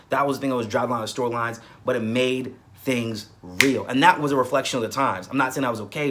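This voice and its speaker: Emphatic man reviewing soap operas. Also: medium pitch. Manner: emphatic, repetitive, animated. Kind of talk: casual review commentary.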